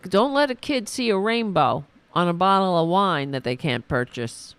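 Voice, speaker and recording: A woman hosting a political commentary podcast, ranting sarcastically and mocking opponents in high put-on voices. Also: lively intonation, moderate pace, a bit bright, clean tone, dry recording.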